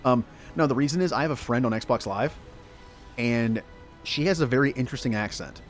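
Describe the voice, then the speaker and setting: A man from the southern United States gives casual gameplay commentary. His voice sits at an ordinary middle pitch, and his talk is chatty and rambling, with frequent laughs. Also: a little fast, faint music behind. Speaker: gaming streamer.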